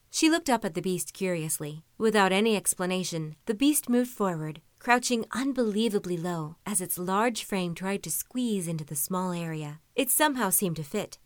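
A woman narrating a story in an even, measured reading voice. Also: medium pitch, no room sound. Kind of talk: audiobook-style story reading.

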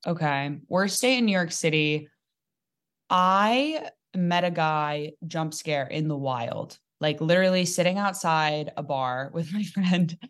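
A young adult woman comedian telling a dating story in casual podcast chat, animated and joking, with quick asides. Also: sits low. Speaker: comedian guest.

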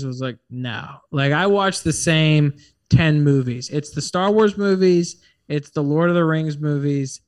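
A man co-hosting a casual chat, talking in an animated way with lots of fillers and acted-out quotes. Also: a little high. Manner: animated, acts out quoted voices, many fillers. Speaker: podcast co-host.

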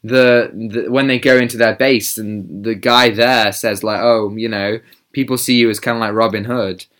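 A man's voice: on the low side, fairly even intonation, moderate pace, fairly bright tone. A man co-hosting a podcast in casual chat, explaining his views at length with some fillers. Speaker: podcast co-host.

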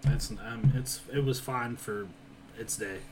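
A man's voice: medium pitch, unhurried, slight background noise. A man co-hosting a casual podcast, bantering in a laid-back, sardonic way with swearing. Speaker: podcast co-host. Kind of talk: casual chat.

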